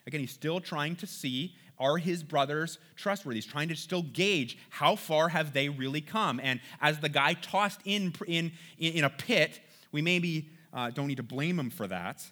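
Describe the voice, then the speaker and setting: Guy preaching a sermon, bright clear voice, chatty and animated. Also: medium pitch. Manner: conversational, animated, acts out quoted lines. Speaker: pastor.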